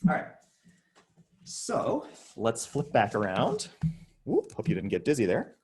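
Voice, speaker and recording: A man's voice: medium pitch, wildly swooping pitch, unhurried, darkish tone, husky. A man teaching a casual online physics lesson, chatty and demonstrating with his body as he explains. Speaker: high school physics teacher.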